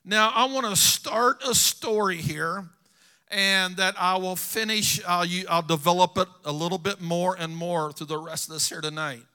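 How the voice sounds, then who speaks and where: A man's voice: sits high, normal speed, pushed and bright, smooth. A middle-aged man preaching a sermon, telling personal stories earnestly to his congregation. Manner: storytelling, earnest, addresses congregation.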